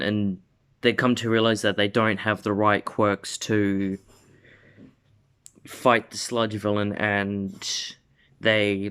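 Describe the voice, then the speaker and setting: Slow, rambling male storyteller. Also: on the low side, fairly bright tone, clear, resonant tone. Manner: rambling, full of "like" and restarts. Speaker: video host. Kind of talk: casual fan-story retelling.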